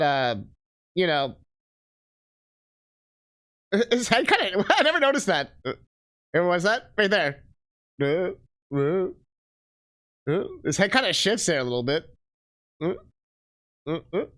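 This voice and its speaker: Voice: mid-range voice, very animated, slow pace, long pauses, a bit bright. A streamer giving casual, crude, joking commentary while watching game videos.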